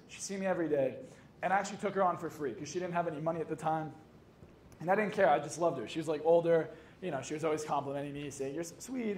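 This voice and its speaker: Young guy hypnotist ranting and joking, pretty high voice, swears a lot, echoey room w faint hiss. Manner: swearing, jokey, acts out dialogue. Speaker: hypnotist and coach. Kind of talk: motivational storytelling talk.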